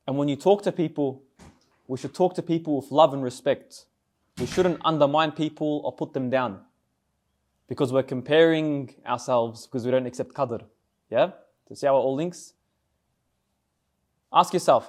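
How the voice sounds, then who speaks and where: A man's voice: medium pitch, moderate pace, long pauses, a little mellow. A young man giving a casual sermon to students, talking conversationally, often asking the listeners questions and repeating words. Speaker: speaker at a student Islamic society talk.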